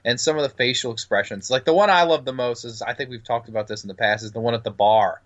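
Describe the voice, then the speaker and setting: A man's voice: medium pitch, quick pace, a bit bright, lo-fi sound. A man co-hosting a casual podcast about movies, eagerly acting out favorite lines. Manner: enthusiastic, acts out movie lines. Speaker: podcast co-host.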